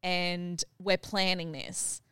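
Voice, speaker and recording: A middle-aged woman hosting a family podcast, animated and laughing as she retells a family story. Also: fairly low pitch, slow, smooth, dry recording, studio quality. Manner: animated, acts out what others said, laughs while telling. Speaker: podcast host and mother.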